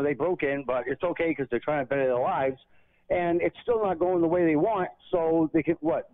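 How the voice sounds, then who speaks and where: A man's voice: on the high side, no echo. A man calling into a talk radio show by telephone, making his points earnestly and argumentatively. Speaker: caller. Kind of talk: talk radio phone call. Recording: tinny phone line.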